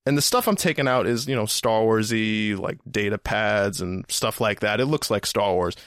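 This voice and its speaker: Low-voiced man telling a long story. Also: normal speed, fairly bright tone, no room sound, studio quality. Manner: rambling, repeats words, casual swearing. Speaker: podcast host. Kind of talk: casual storytelling.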